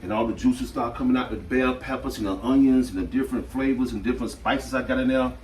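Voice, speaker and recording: A man chats loosely through a home cooking session, circling back over his words as he goes. He sits at a middling pitch and is picked up from a distance, with frying food sizzling loudly behind him. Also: fast, reverberant, a little hiss or hum. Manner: chatty and relaxed, repeats himself often. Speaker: home cook and channel host. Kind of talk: casual cooking demonstration. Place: home kitchen at the stove. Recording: distant mic with loud sizzling from the pan.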